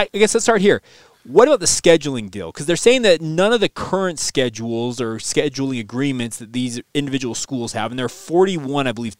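A man co-hosting a sports podcast who lays out his points in a measured, analytical way. His voice is smooth and resonant at an ordinary pitch, and the sound is dry with no room around it. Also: no room sound. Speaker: podcast co-host. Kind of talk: casual sports podcast chat.

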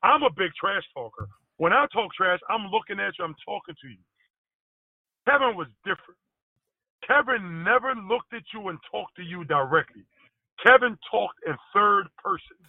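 High-voiced man on a tinny phone line. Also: normal speed, no echo. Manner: animated storyteller, loose grammar. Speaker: guest, former pro basketball player. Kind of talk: casual interview storytelling.

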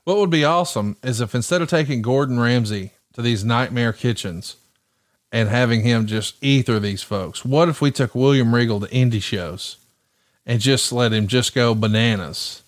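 This middle-aged Alabama native speaks at normal speed in a mid-range voice with a Southern accent. He co-hosts a relaxed wrestling podcast, full of enthusiasm and teasing, with a bit of swearing.

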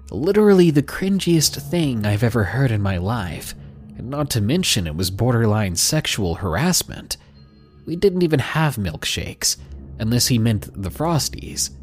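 A man narrating a listener's scary story in a dramatic scripted style with dry sarcastic asides. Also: medium pitch. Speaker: podcast narrator. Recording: narration with faint music bed.

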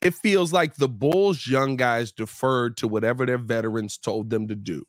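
A man co-hosting a sports podcast in a casual, animated way, his voice slightly hoarse. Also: medium pitch, moderate pace, no echo, clean studio sound. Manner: animated, laughs often, reads sponsor ads. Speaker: podcast co-host.

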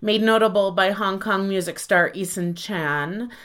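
A woman's voice: medium pitch, unhurried, fairly bright tone, clear, resonant tone. A woman co-hosting a podcast, easygoing and joking as she shares facts. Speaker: podcast co-host. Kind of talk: casual podcast chat.

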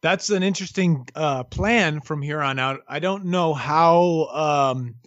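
A man's voice: fairly high pitch, measured pace, a bit bright, no echo, highs cut off. A man co-hosting a casual boxing talk show, hesitant with many fillers and restarts, laughing easily. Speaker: boxing analyst co-host.

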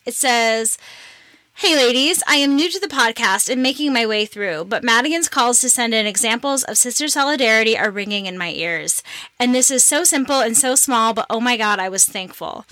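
Woman, podcast co-host, playful giggly chat, high voice, dry close sound. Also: expressive, moderate pace, pushed and bright, no echo. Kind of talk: casual chat.

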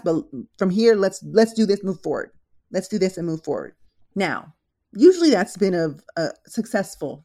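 A woman nurse hosting a casual advice podcast, telling animated stories from work and acting out what people said. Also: lowish voice. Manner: animated storyteller, acts out quotes.

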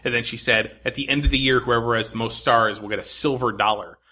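A man in casual podcast chat, his voice bright and a little husky. He tells stories in an animated way, full of fillers. His tone stays easygoing among friends. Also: medium pitch, fast talker. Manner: animated storyteller, lots of fillers.

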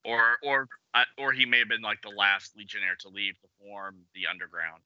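A man's voice: lowish voice, fairly even intonation, moderate pace, bright, forceful tone, clean tone, no echo. A man co-hosting a podcast who stammers a little and politely raises continuity questions. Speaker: podcast co-host. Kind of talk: casual podcast discussion. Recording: dry, dull lo-fi audio.

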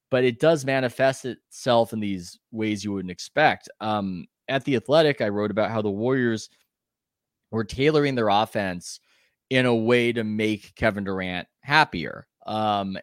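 A man with a fairly low voice tells a story from his reporting days as a podcast guest. He talks in a chatty, animated way, with quick asides and self-corrections. The sound is dry and close, with no room around it. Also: dry recording. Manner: animated anecdote telling with quick asides and restarts. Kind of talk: conversational podcast interview, storytelling.

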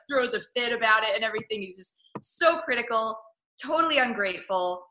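A woman casually discussing a film, animated, often acting out characters in exaggerated voices. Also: a little high, quick pace. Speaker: film reviewer. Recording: echoey room.

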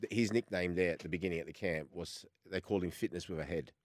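A quick, rapid-fire Australian man in his fifties spins a story on sports radio with a lowish voice. He acts out every exchange he recounts. The studio sound is close and dry. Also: dry recording. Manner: animated storyteller who acts out quoted exchanges. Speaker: guest, former goalkeeper.

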